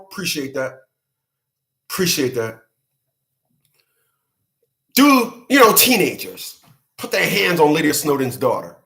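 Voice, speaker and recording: High-voiced man ranting profanely. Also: huge pitch swings, slow pace, creaky, long pauses, sharp tone. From New York–New Jersey area. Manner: profane, emphatic, repetitive, frequent laughter. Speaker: channel host. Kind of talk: unscripted live-stream rant.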